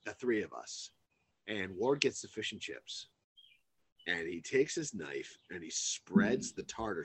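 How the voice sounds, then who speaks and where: Animated male chatter, husky and bright, very lively intonation. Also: fairly low pitch. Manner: animated, quick to laugh and react. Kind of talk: casual chat.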